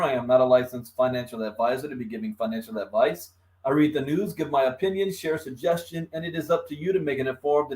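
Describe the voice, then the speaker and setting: A man's voice: medium pitch, a little mellow. Man, slight lisp from numbness, chatty live-stream host, friendly greetings, frequent chuckles. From Los Angeles, California. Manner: chatty, greets viewers by name, chuckles often. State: numb mouth from the dentist, slight lisp. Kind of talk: casual live-stream talk.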